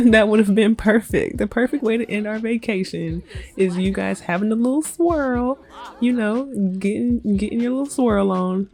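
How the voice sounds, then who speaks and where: A woman's voice: on the high side, normal speed, a little mellow, soft background music. A young woman narrating a life-sim let's play in a chatty, giggly, slangy way. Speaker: gaming video creator.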